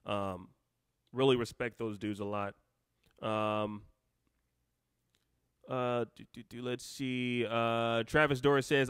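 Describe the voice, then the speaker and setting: A man's voice: mid-range voice, fairly even intonation, slow, pauses often, a bit bright, smooth, dry recording, studio quality. A man hosting a live stream, reading out comments and taking calls, rambling and cutting himself off with joking asides.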